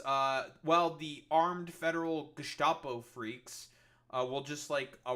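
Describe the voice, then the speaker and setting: Bright and forceful in a mid-range voice, a man rants sarcastically through news clips on his political livestream. He swears constantly and leans on fillers such as "uh" and "like".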